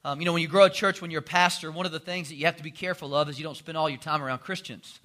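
A man's voice: a little high, steady tone, rapid-fire, sharp tone. A man, preaching a sermon as a pastor in a folksy, joking storytelling way. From North Carolina. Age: 40s.

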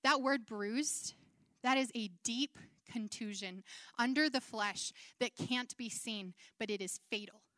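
A woman's voice: fairly high pitch, a bit bright, no room sound, studio quality. A woman preaching a sermon in an earnest, conversational way, acting out quoted feelings.

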